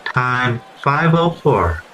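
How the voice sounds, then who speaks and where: Man doing a deadpan arena announcer. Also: mid-range voice, a little hiss or hum, exaggerated voice, low-quality recording. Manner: flat, measured announcements. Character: deadpan male arena public-address announcer, formal.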